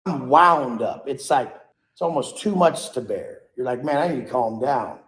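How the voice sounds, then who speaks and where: A man's voice: medium pitch, moderate pace, a bit bright, reverberant, rough recording. A man giving an earnest, preachy motivational speech about energy and enlightenment. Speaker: motivational speaker.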